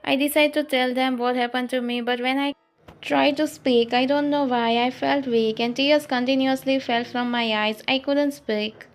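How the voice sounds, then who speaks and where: A young woman student on the edge of tears, her voice soft and shaky but a little high, as a woman reading the story voices her. She speaks low and haltingly. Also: steady tone, faint music behind. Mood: sad.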